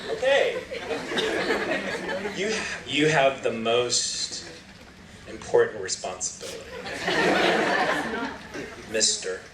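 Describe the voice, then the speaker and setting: A man leads volunteers through a game in a large lecture hall, coaxing and joking as he goes. He sits at an ordinary pitch and sounds distant, caught from far off. The echo of the hall and the crowd noise surround him. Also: sing-song, slow, long pauses. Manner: playful, coaxing, laughs often. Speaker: guest lecturer.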